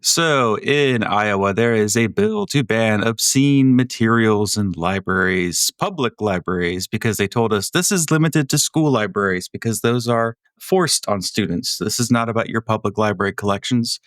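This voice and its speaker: Dry-humored low-voiced man chatting. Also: expressive, normal speed, hardly any pauses, fairly bright tone, clean tone, dry recording. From Florida. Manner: wry, swearing, rambling storyteller. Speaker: podcast co-host. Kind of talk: casual podcast chat.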